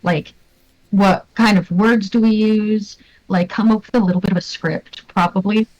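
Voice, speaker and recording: A woman's voice: medium pitch, fairly even intonation, normal speed, darkish tone, muffled recording. A woman playing a tabletop game, talking hesitantly with many ums and stammers. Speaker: player. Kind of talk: casual tabletop game chat.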